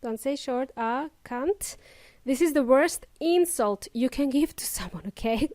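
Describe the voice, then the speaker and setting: A woman hosting a podcast lesson for English learners, speaking with a slow, careful and emphatic teaching delivery. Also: sits high, lively intonation, darkish tone, no echo.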